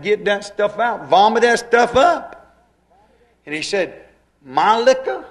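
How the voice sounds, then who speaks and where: A man preaching a dramatic sermon, swinging from hushed asides to loud, repeated rhetorical questions. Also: sits high.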